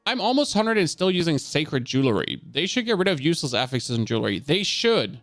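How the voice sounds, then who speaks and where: Higher-voiced guy from germany streaming a game, chatty, jokes with chat, dry close mic. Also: very animated, a little fast, fairly bright tone, no echo. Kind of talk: live gameplay commentary.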